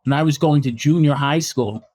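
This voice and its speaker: Animated storytelling man from Canada. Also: fairly high pitch, fairly quick, slightly rough. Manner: animated anecdotes, frequent restarts and acted quotes. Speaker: boxing historian and author. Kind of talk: storytelling in a podcast interview.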